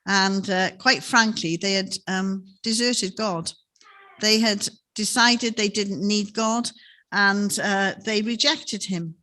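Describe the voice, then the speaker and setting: A woman's voice: medium pitch, takes it slowly, sharp tone. Woman preaching in a chapel. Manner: conversational storytelling with tag questions. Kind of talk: sermon.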